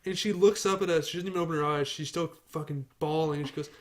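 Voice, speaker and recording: A man's voice: a little high, steady tone, fast talker. A young man hosting a casual podcast, telling rambling stories and teasing his friends. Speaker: podcast host. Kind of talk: casual chat.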